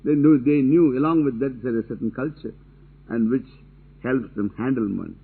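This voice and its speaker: A man's voice: medium pitch, normal speed, vocal fry, breathy edge. A man giving a religious discourse, talking emphatically and repeating his key phrases with casual asides. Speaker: spiritual teacher. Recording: tinny narrow-band lo-fi recording.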